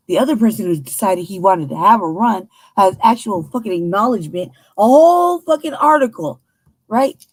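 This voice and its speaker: An American woman hosting a news commentary show, talking in a heated, emphatic, profane way with a husky voice. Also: mid-range voice, darkish tone, no room sound. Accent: American English. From United States.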